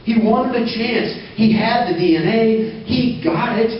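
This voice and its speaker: A man giving a motivational talk, telling a story and acting out the quotes with lively energy. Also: extremely high pitch, unhurried. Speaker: motivational speaker. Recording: distant echoey lo-fi room recording.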